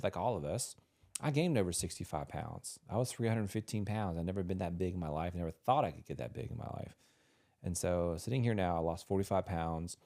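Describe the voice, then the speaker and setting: Male podcast co-host, lower register, earnest and emotional, casual delivery. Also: dark tone. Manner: earnest, emotional storytelling with restarts.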